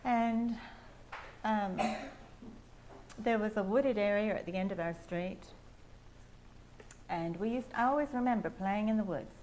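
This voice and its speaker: An older woman with an English accent, sharing a meandering personal testimony with soft laughs. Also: medium pitch, a little slow, long pauses, a little hiss or hum. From England. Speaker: testimony speaker at a prayer house.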